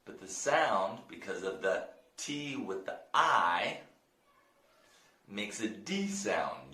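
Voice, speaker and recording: An American man teaching English, explaining phrases and modeling them slowly for learners. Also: on the low side, big pitch swings, bright, forceful tone. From United States. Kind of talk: language lesson. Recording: roomy echo.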